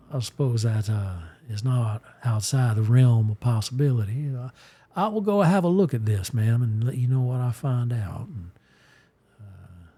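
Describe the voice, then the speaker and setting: A man doing a laid-back Southern fellow from Mississippi with a drawl, down to earth and courteous, calling people "ma'am". The voice is low, gravelly and husky, with faint music behind it. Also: dark tone.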